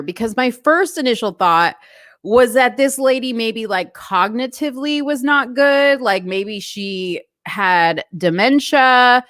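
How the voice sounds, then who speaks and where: Female vlogger, casual storytelling rant, slightly high, dry close sound. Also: slow pace, no echo. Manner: chatty, animated retelling with asides.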